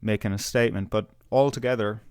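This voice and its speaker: A man's voice: fairly low pitch, steady tone, brisk, a little mellow, smooth, no echo, studio quality. A man giving sarcastic, conversational commentary on a video. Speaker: video reviewer.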